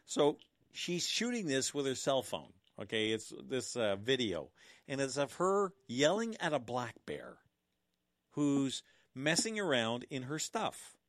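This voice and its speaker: A man's voice: medium pitch, big pitch swings, a little slow, no echo. Dry-voiced sardonic middle-aged man. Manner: sardonic, mocking, chuckling asides. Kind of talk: casual storytelling monologue.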